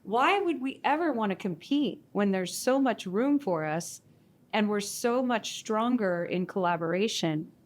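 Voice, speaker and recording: A woman speaking on a live panel at a community event, animated and self-mocking, often acting out her own inner voice. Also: medium pitch, a little slow.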